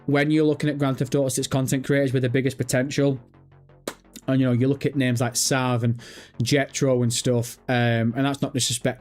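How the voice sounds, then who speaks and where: A man with a British accent hosting a live stream, chatting casually, excitable and swearing freely as he banters with his audience. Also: medium pitch. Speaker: livestream host. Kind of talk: casual livestream chat.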